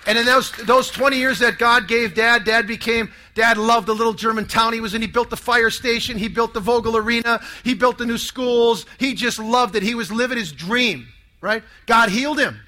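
A man in his sixties gives an emotional testimony to a live audience, with a bright, ringing tone and a fairly high voice. He tells it dramatically, dropping to near-hushed tones before swelling into loud outbursts. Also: normal speed. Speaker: speaker giving a testimony.

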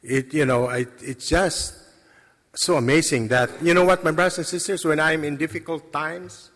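A man giving a personal faith testimony to a congregation, earnest and halting, with many pauses and restarts. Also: on the high side, fairly even intonation, a bit bright. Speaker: lay speaker giving a testimony. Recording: long reverb of a large hall.

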